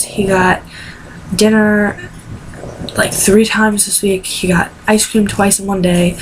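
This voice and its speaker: A teenage girl telling a personal story in an emotional vlog, tearful and rambling. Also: medium pitch. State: crying. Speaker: vlogger. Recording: noisy home recording.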